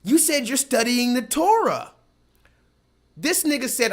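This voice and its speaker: A man with a high voice hosts his own show, ranting in a heated, profane way. He talks emphatically and stresses his points over and over. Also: sing-song, unhurried, long pauses. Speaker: host. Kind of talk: ranting commentary.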